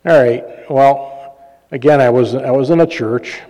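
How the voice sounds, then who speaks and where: Relaxed male preacher in a hall. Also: mid-range voice, a little slow. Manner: conversational, jokey, fillers and self-laughs. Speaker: pastor and healing minister. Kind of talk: sermon with personal stories. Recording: long reverb of a large hall.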